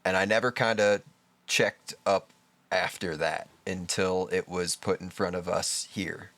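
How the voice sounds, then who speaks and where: A man's voice: low voice, steady tone, measured pace, fairly bright tone, dry recording. A man co-hosting a casual podcast, blunt and opinionated, swearing freely. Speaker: podcast co-host. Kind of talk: casual chat.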